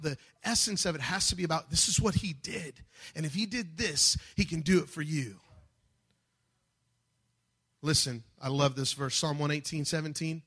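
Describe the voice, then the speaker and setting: High, bright-voiced impassioned male preacher. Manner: impassioned, builds to shouting. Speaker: pastor. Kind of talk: sermon.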